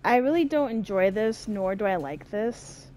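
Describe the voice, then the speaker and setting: A woman's voice: medium pitch, animated, normal speed, warm tone, a little hiss or hum. A young woman commenting on a horror game, swearing a lot and talking to the game as she plays. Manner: swearing, jumpy, talks to the game. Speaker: gamer.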